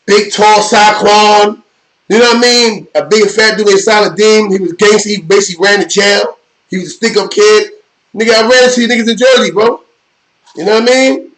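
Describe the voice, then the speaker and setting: A man's voice: sits high, fairly bright tone, poor audio. A middle-aged man, hosting a live stream and telling rambling, profane street stories in casual chat. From New York. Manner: rambling, profane street storytelling with repeated "you know what I mean". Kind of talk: casual storytelling.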